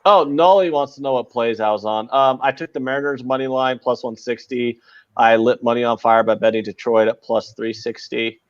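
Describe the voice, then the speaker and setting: A man's voice: mid-range voice, normal speed, dry recording, lo-fi sound. A man hosting a casual live sports betting podcast, talking in a brash, profane, rambling way. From United States. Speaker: podcast host.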